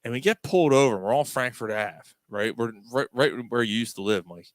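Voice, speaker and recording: A middle-aged man hosts a casual talk show. He tells stories in an animated way, laughing and swearing as he goes, at a mid pitch in a dry, close room. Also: fairly quick, no echo. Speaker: podcast host. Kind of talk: casual chat.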